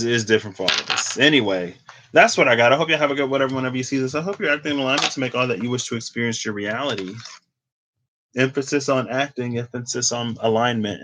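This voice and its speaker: A man's voice: medium pitch, bright, forceful tone. A man giving a casual tarot reading to camera. He thinks aloud in a rambling, laid-back way, full of "like" and restarts. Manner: laid-back, laughs at himself. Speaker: tarot reader.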